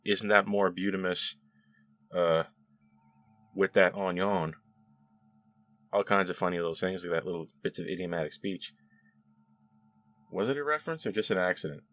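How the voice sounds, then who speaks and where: A man hosting a casual spoken review, chatty and animated, with frequent laughs and restarts. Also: low voice. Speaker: show host reviewing episodes.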